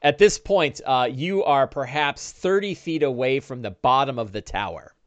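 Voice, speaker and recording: Running a tabletop session for a single player, this middle-aged dungeon master rambles easily, often restarting and leaning on fillers. The mid-range voice moves at a moderate clip, and the recording is dry and muffled.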